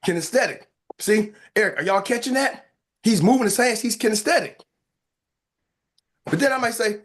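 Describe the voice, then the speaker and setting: Brief: American male sales coach, fairly high voice, playful, acts out examples. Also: moderate pace, long pauses. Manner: animated, playful, acts out lines and sound effects. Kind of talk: live sales training on a video call.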